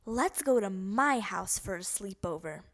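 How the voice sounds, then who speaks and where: A woman voicing an eager, forgetful little boy frog in a read-aloud storybook, squeaky and bouncy. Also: animated, unhurried. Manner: squeaky, bouncy, shouting with glee.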